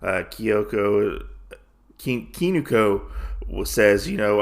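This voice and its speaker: This podcast host has a fairly low, creaky voice that's expressive and slow. He recaps a comic casually and rambles, with plenty of fillers and restarts.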